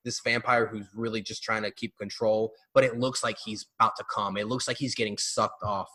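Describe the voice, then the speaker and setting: A man's voice: lowish voice, little pitch movement, brisk, sharp tone, slight background noise. A man hosting a podcast in casual chat, hesitant and laughing often as he talks. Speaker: podcast host.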